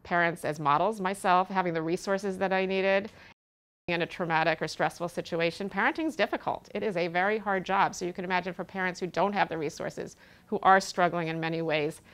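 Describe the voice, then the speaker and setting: A woman's voice: lowish voice, fairly even intonation, fairly quick, a bit bright. Earnest middle-aged woman speaking to a crowd. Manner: earnest, storytelling, frequent ums. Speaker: parenting educator. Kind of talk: speaking to an audience at an event.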